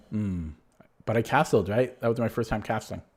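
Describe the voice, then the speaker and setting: A man's voice: fairly low pitch, unhurried, darkish tone. A man streaming live chess, thinking aloud in a casual, rambling way and muttering moves half to himself. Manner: casual, self-deprecating, rambling asides. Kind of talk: live commentary while playing online chess.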